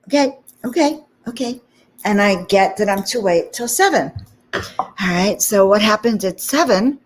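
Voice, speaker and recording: A woman hosting a spiritual talk channel, telling a personal story in a chatty way with frequent "okay?" and "you know" asides. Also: mid-range voice. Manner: animated anecdote with frequent 'okay?' and 'you know' asides.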